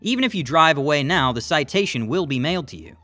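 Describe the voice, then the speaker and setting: Steady, polite parking officer, voiced by a male narrator, pitched low and measured. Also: no echo, faint music behind. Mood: formal. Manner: calm, formal, polite.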